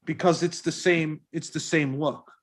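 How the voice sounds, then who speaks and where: A man's voice: fairly high pitch, steady tone, measured pace. A man presenting a building design at a public planning meeting, earnest and eager, often restarting his sentences.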